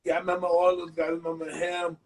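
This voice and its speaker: A man with a fairly high, flat voice talks as a guest on a phone video call. He speaks haltingly, repeating himself while he searches for the words. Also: rough recording. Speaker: guest, retired boxer. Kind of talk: casual chat. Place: home, live video call.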